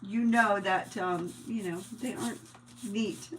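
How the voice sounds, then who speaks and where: A chatty woman with a mixed New Jersey and Long Island accent, softened by years in Indiana, talks her viewers through a craft project. She thinks out loud and laughs easily. Sanding and rubbing noises come through clearly behind her. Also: mid-range voice, steady tone, slow, slight background noise, poor audio. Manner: chatty, laughs often, thinks aloud while working. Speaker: crafting livestream host. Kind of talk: casual craft-along chat.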